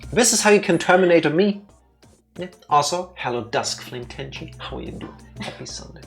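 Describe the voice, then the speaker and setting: A man hosting a let's play, commenting on the game in an excitable, joking way with quick asides. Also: on the high side, vocal fry, soft background music. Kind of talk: casual gameplay commentary.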